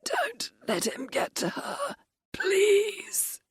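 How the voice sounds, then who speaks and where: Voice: mid-range voice, sing-song, measured pace, gravelly, slightly rough, no echo, clean studio sound, exaggerated voice. A narrator voicing a frightened, breathless elderly viscount in an audiobook, gasping out his lines. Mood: panicked. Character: panicking, wheezing old male viscount.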